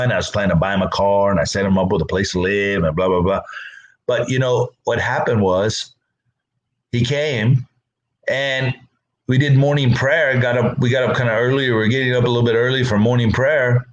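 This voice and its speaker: A man's voice: medium pitch, fairly even intonation, moderate pace, highs cut off. A middle-aged man pastor giving a casual Bible talk, conversational, often repeating words and acting out the people he quotes.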